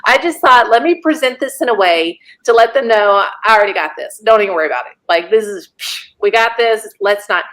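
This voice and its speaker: A woman, a podcast guest telling a personal story in a lively way and laughing often. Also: mid-range voice, fairly quick. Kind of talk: casual storytelling.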